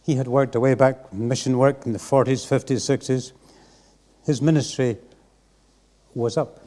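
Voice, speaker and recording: A man's voice: medium pitch, fairly even intonation, normal speed, mellow. A man preaching a sermon in church, earnest and reflective. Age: 60s.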